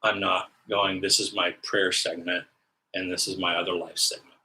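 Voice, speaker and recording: A man's voice: sits low, flat delivery, normal speed, bright, forceful tone, low-quality recording. A man giving an earnest teaching sermon on prayer, often repeating phrases and restarting his sentences.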